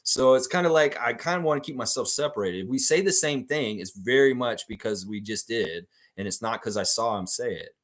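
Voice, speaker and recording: A man's voice: mid-range voice, a little fast, hardly any pauses. A man hosting a live fan stream, chatting casually, reading viewer comments, and swearing freely with lots of fillers. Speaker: fan show host.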